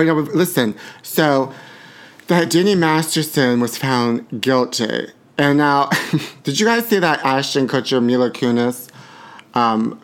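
A middle-aged man hosting a podcast, delivering a flamboyant, sassy celebrity gossip monologue and calling listeners honey. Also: medium pitch. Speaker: podcast host.

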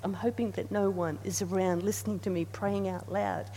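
A woman preacher delivers an earnest, repetitive sermon, repeating phrases and leading her congregation in call and response. Her voice is medium-pitched, steady, mellow and fairly quick, recorded in a reverberant hall with a faint hum.

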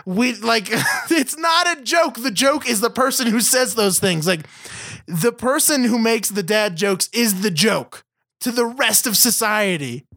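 A podcast co-host rants on a video call, swearing and slipping into mocking voices. His voice sits high and sounds bright, with a gravelly fry and a dry, close sound. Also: lively intonation, a little slow, dry recording. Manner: ranting, profane, mocking voices. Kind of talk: casual chat.

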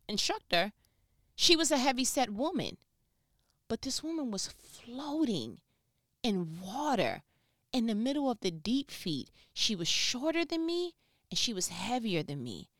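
Animated woman talking into her phone. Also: a little high, moderate pace, no echo, clean studio sound. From New York. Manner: animated storytelling, swings from loud to hushed. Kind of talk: casual motivational talk to a phone.

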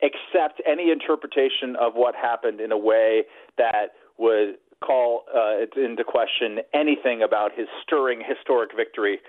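A man's voice: medium pitch, normal speed, hardly any pauses, no room sound. A man speaking as a guest in casual political radio chat, wry and digressive with many fillers. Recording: dry, phone-like narrow line.

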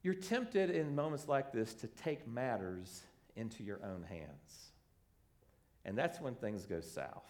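A man preaching a sermon, animated and conversational, acting out the voices in his examples. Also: medium pitch, slow pace. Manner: animated, acts out quoted voices. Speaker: pastor.

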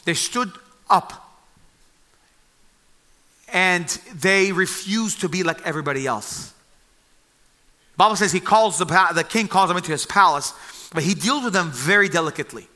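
A man delivers a sermon in a high, piercingly bright voice. He retells a Bible story with animated storytelling, acting out the lines of the people in it. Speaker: preacher.

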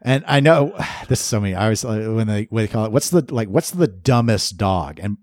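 A man co-hosts a podcast in casual conversation, joking, laughing often, and acting out silly quotes. His lowish voice is expressive, a little mellow and fairly quick, in clean studio-quality sound with no room tone.

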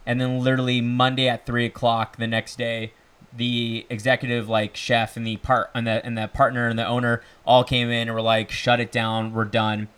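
A man's voice: mid-range voice, completely flat delivery, fairly bright tone, clear, resonant tone. Young dude in his 20s, chatty, lots of "like", casual podcast guest. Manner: chatty, fast storytelling with "like" and "literally". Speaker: guest, student and bartender.

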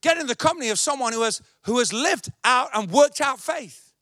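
A man's voice: very high-pitched, expressive, brisk, sharp tone, no echo, clean studio sound. A male pastor preaching a sermon, emphatic and repetitive.

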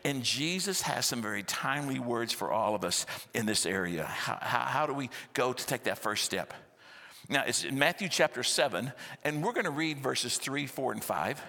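Gravelly pastor preaching. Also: male voice, mid-range voice, moderate pace. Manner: animated, conversational storytelling with rhetorical questions. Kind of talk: sermon. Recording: long church-hall reverb.

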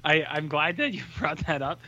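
A man's voice: on the high side, normal speed, dull audio, noisy background. A man co-hosting a casual film podcast, telling stories with laughs and swearing. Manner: animated storyteller, swears, laughs. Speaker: podcast co-host. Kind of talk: casual film review chat.

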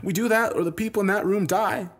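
A man's voice: high voice, fast talker, voice pushed up. A man voicing a grim, determined woman who speaks tensely and insistently.

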